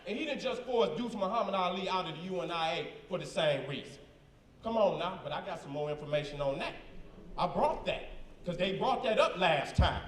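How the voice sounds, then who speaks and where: A man's voice: extremely high pitch, a bit bright, roomy sound, recorded from a distance. A man in a live debate, reading documents aloud with emphatic, combative slang asides. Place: event hall with a crowd.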